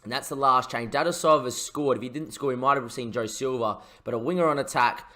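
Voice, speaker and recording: A man doing excitable mock football commentary over a video game, shouting when goals go in and chatting to his viewers in between. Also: medium pitch, fast talker, hardly any pauses. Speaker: gaming YouTuber.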